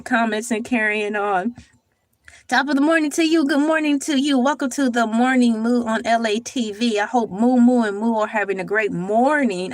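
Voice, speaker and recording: A young woman chats through a morning livestream in a high, bright-pitched voice. She is playful and animated, talking straight to her viewers. The sound is close and dry, with no room around it. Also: dry recording. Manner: animated, playful, talks to chat and does voices. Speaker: livestream host. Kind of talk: casual morning livestream chat.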